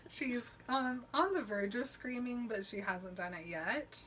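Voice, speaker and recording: A woman's voice: a little high, unhurried, a bit bright, a little hiss or hum. A woman co-hosting a podcast, chatting casually and laughing as she recaps a book and mock-quotes its characters. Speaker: podcast co-host.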